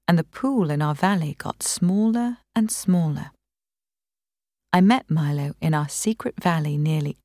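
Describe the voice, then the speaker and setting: Slow, calm woman reading a novel. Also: fairly low pitch, no echo, clean studio sound. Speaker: narrator. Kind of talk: audiobook reading.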